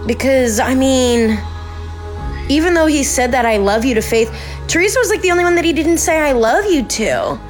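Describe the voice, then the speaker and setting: Woman podcast host, casual reaction commentary, blunt and sweary, voice sits a bit high. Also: moderate pace, soft background music. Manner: blunt, swears freely, excitable.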